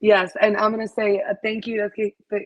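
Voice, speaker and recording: A woman's voice: medium pitch, flat delivery, normal speed, dry recording, highs cut off. A woman guest on a podcast, chatting casually and thanking people. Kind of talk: casual chat.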